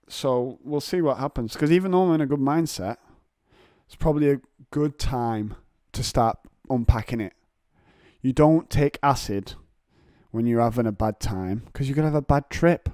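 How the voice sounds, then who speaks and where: A young man, hosting a solo podcast in casual chat, telling jokey stories and putting on high voices to mimic people. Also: darkish tone, no echo, clean studio sound. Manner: jokey storytelling, acts out voices of others in high pitch. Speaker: podcast host.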